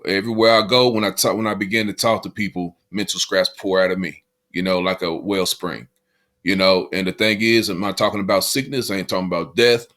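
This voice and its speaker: Low-voiced man musing on mindset. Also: a bit bright. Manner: motivational, repeats phrases, says "you know" a lot. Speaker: podcast co-host. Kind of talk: casual podcast conversation.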